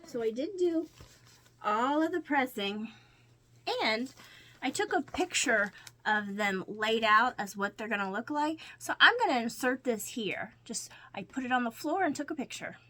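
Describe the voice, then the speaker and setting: This crafting vlogger has a fairly high, bright voice with a forceful tone. She casually describes her week's sewing and quilting, taking each project step by step.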